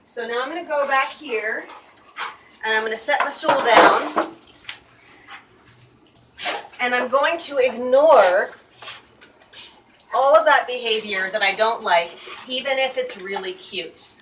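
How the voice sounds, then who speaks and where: A woman giving a hands-on teaching demo inside a dog kennel at an animal shelter, explaining calmly and gently with frequent restarts. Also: on the high side, slow, pauses often. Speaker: shelter volunteer trainer. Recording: distant mic, faint background noise.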